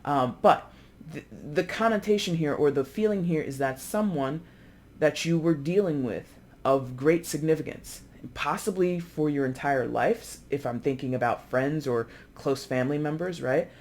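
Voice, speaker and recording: Casual tarot reader just talking to camera, chatty, lots of ums, mid pitch. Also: normal speed, darkish tone. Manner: chatty and conversational, acts out imagined people's lines; loose, with frequent fillers and self-corrections.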